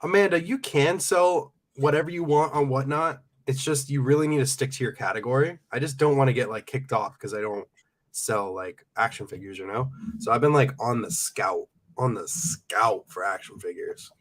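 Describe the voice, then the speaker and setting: A young man hosting a relaxed live stream. He reads viewer comments aloud and laughs easily. His voice sits at a middle pitch and stays casual. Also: normal speed. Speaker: livestream host and reseller. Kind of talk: casual livestream chat.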